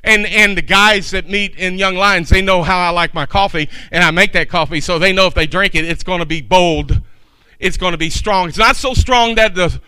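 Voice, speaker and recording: Bright-voiced, chatty male preacher. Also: high-pitched, moderate pace, smooth, no room sound. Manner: folksy, chatty asides to the congregation. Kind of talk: sermon.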